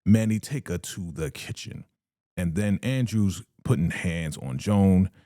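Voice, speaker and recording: Low mellow-voiced man recapping a show. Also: a little slow, no room sound, clean studio sound. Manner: animated storytelling, acts out the quotes. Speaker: TV recap vlogger.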